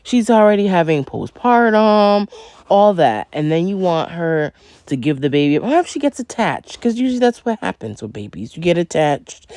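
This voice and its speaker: A woman's voice: deep voice, mellow, no room sound, clean studio sound. A woman hosting a reaction video, talking straight to her viewers in an indignant, emphatic way. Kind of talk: casual reaction commentary.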